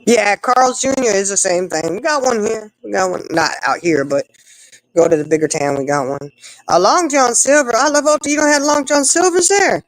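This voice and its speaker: A woman, telling stories in a relaxed chat among friends. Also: normal speed, dry recording, poor audio. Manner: chatty storyteller, animated with big swings in pitch. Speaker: co-host. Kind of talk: casual chat.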